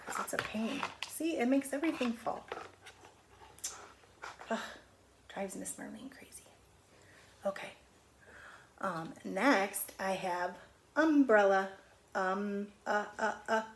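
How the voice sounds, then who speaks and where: A middle-aged woman teaches a phonics lesson to children on a home video. She stretches each letter sound slowly. Her voice sits at a mid pitch with a faint hum in the background. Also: lively intonation. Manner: slow, drawn-out sounding of letters. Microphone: camera on video.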